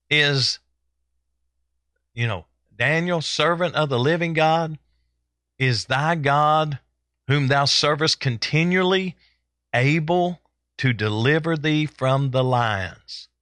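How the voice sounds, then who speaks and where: A man voicing a grieving ancient king who cries out in a lamenting, raised, drawn-out scriptural tone. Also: fairly high pitch, fairly bright tone, no room sound.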